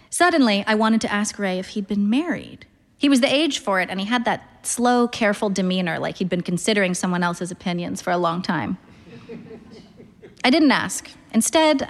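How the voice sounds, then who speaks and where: A woman's voice: medium pitch, big-room sound. A woman reading first-person literary fiction aloud in a wry, understated way. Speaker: narrator.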